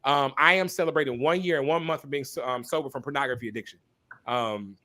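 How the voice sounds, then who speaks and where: A man's voice: mid-range voice, fast talker, bright, forceful tone. Male minister as podcast guest: candid, passionate, preacher cadence with repeated phrases, mid-range voice. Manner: apologetic asides to listeners. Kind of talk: candid conversational testimony.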